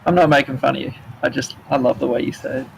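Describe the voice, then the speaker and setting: A man chatting easily on a game stream, quick to laugh. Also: mid-range voice, steady tone, vocal fry, slight background noise, poor audio. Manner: laughing, easygoing banter. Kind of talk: casual chat over gameplay.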